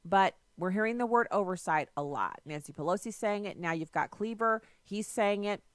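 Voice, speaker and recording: A woman's voice: medium pitch, lively intonation, moderate pace, no echo. Sarcastic woman hosting talk radio. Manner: sarcastic, emphatic commentary. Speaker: radio talk show host. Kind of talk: political talk radio monologue.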